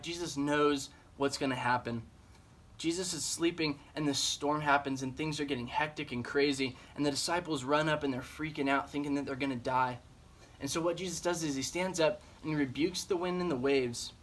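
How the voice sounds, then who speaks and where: A man, a church's junior high director, giving a casual devotional talk, earnest and full of fillers like "man" and "um". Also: fairly even intonation, moderate pace, fairly bright tone.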